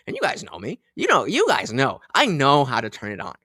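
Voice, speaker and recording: A man tells a story on his live show, and his pitch leaps around as he acts out both sides of a shouting match. His voice is bright, with lots of swearing and false starts. It is recorded dry and close to the mic. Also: fairly quick, few pauses, slightly rough, no echo. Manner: animated, profane, acts out both sides of an argument, many restarts. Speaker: streamer host. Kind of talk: casual storytelling rant.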